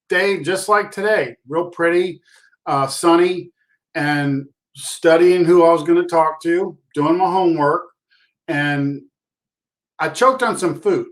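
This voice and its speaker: A middle-aged man telling his story as a guest in a casual interview, animated and self-deprecating, with frequent restarts. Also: on the high side. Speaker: podcast guest, concussion awareness speaker.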